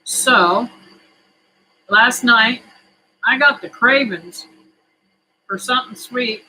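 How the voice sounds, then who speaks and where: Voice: mid-range voice, slow, sharp tone, breathy edge, rough recording. A homesteading vlogger chatting casually to camera in a home kitchen, folksy and rambling, with many fillers.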